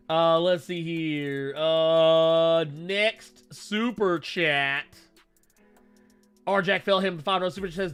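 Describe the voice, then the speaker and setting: A man co-hosting a comic book live stream, reading viewer comments in an animated, rambling way and swearing casually. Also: a little high, moderate pace, clean tone, soft background music. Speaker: co-host of a comic book talk show.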